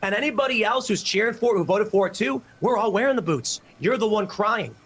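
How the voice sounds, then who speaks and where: A man ranting in a heated, excited way in a played clip. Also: a little fast, a little hiss or hum. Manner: shouting, excited, high-strung.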